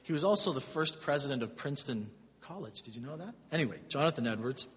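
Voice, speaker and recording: A man's voice: mid-range voice, expressive, fast, a bit bright, slightly rough. A middle-aged man, a pastor, preaching a sermon in a conversational way with personal stories. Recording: long hall reverb.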